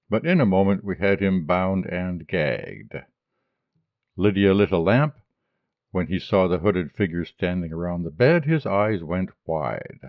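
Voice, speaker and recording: Low-voiced guy reading a story slowly, dry close mic, kinda muffled. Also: dry recording. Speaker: audiobook reader. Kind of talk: scripted narration of a short story.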